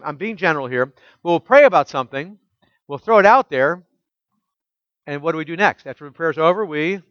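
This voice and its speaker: A pastor preaches emphatically, firing off rhetorical questions, then drops soft and low whenever he quotes scripture. The recording is muffled, with no echo.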